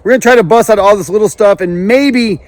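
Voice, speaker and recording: High-voiced man talking through a build outdoors. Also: quick pace, darkish tone, no room sound. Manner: chatty, upbeat, explains steps while working. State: breathing heavily from cold and climbing. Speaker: builder and channel host. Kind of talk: casual construction vlog narration. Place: outdoors on a cold building site. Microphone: action camera.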